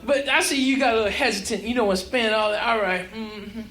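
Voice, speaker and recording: A man's voice: high voice, quick pace, background noise, voice pushed down, natural voice. Man doing a pushy pimp salesman. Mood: wheedling. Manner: wheedling sales patter. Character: smooth-talking male door-to-door pimp, pushy salesman. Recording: roomy club recording with crowd laughter.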